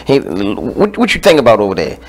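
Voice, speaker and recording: A man's voice: medium pitch, big pitch swings, a little fast, low-quality recording. Earnest, plain-spoken man guest. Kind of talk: casual radio chat.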